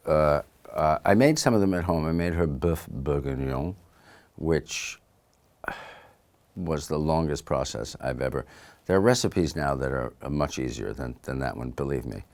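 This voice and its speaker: A man, an actor and author, talking through a relaxed interview in a thoughtful, unhurried way, often trailing off softly, recorded in a studio. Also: rumbling low. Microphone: studio microphone.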